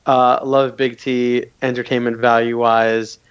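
A man's voice: mid-range voice, level tone, unhurried, clean tone, muffled recording. A man co-hosting a podcast, chatting casually and hesitantly with stumbling restarts. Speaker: podcast co-host. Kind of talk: casual chat about a reality show.

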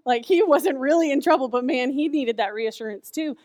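Brisk and high-pitched, a youth speaker in her thirties gives children a casual sermon, recorded dry in studio quality. Her storytelling is chatty and animated, sprinkled with lots of "like" fillers.

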